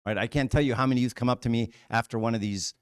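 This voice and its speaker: A man's voice: medium pitch, steady tone, racing, clean tone, dry recording. Frank, casual male church speaker, dry sound. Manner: casual, frank, uses many rhetorical "right?" and "okay?". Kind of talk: conversational church talk.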